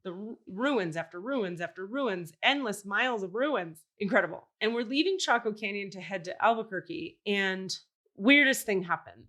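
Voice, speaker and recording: A woman hosting a podcast, telling a story in casual chat, animated and swearing, acting out the voices of people she quotes. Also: medium pitch, normal speed. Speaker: podcast host.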